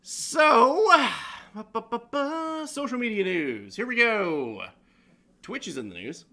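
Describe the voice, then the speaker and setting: Male co-host, bright, lively delivery, crude and animated news rant. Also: high voice, measured pace. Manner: animated, swearing, laughs often. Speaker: show co-host. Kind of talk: casual profane news commentary.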